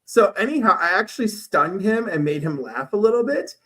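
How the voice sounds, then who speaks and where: A man's voice: high-pitched, animated, a little fast, poor audio. A man telling crude rambling stories in a casual panel chat. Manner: crude, rambling storyteller, loud acted outbursts.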